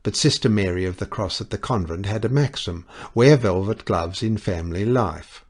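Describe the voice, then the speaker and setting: A man's voice: on the low side, normal speed, darkish tone, lightly acted. A man voicing a bitter, scornful young English society wife, speaking with cutting passion in an audiobook reading. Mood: mocking.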